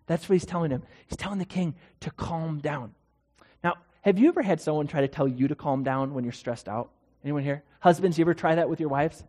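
A man's voice: a little high, fairly quick, darkish tone. A male pastor preaching a sermon in a conversational way, often asking the congregation rhetorical questions. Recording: long hall reverb.

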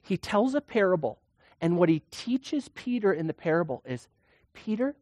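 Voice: mid-range voice, very animated, normal speed, darkish tone, dry recording, clean studio sound. A preacher giving a sermon in a conversational way, full of rhetorical questions and acted-out quotes.

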